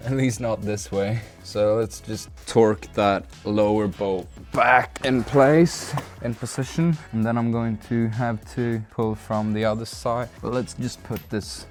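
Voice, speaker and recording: This car-project vlogger from Sweden, Swedish by first language, talks to himself as he wrenches on his car, muttering, swearing and grunting with effort. His voice is on the low side with a darkish tone.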